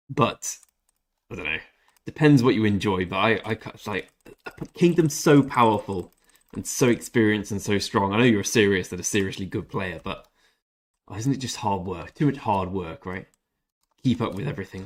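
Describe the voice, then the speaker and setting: Chatty British streamer, low-ish voice. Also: male voice, normal speed, pauses often. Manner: chatty, answers chat by name, blunt opinions with mild swearing. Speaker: gaming streamer. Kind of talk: casual livestream chat while playing.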